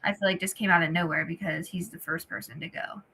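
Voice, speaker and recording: A woman's voice: fairly low pitch, fairly even intonation, quick pace, pushed and bright, a little hiss or hum. A young woman, a podcast guest, chatting casually in a laid-back way and hedging her opinions. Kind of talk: casual chat.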